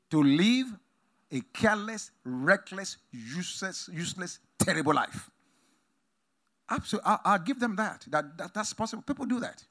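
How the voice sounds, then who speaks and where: Animated, bright-voiced male preacher. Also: on the high side. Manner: emphatic, swings between loud exclamations and quiet asides. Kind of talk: sermon. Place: conference hall.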